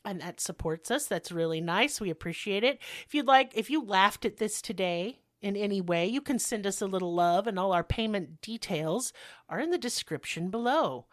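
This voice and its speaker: A woman's voice: mid-range voice, lively intonation, moderate pace, no room sound, studio quality. A woman co-hosting a podcast, chatting casually and joking through the show announcements, rambling with frequent restarts. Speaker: podcast co-host.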